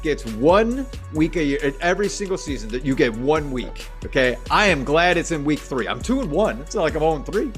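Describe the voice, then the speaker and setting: A man's voice: on the high side, big pitch swings, a little fast, few pauses, soft background music. A man co-hosting a sports podcast, ranting in an exasperated, swearing way and laughing now and then. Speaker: podcast co-host. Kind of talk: casual sports podcast rant.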